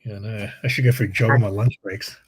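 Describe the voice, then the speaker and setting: A man's voice: lowish voice, steady tone, fast, husky. A man with an Australian accent, chatting casually and telling stories, often laughing as he talks. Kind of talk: casual chat, storytelling.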